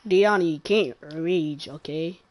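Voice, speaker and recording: A woman's voice: low-pitched, takes it slowly, noisy background. A woman gaming online, casually chatting and teasing other players over voice chat, laughing often. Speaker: gamer streaming online matches. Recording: game gunfire and clicks behind the voice.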